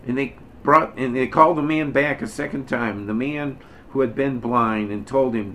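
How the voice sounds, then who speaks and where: A man's voice: mid-range voice, normal speed, fairly bright tone, slight background noise. A man leading an informal Bible study, talking bluntly and folksy, mockingly acting out the Pharisees.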